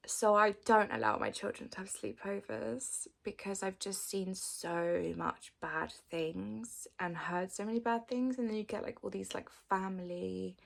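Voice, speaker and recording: Chatty woman in her thirties, gravelly tone. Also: medium pitch, a little slow, few pauses. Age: 30s. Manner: chatty, frequent "like" fillers, drops to whispers. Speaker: vlogger answering follower questions. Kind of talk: casual chat.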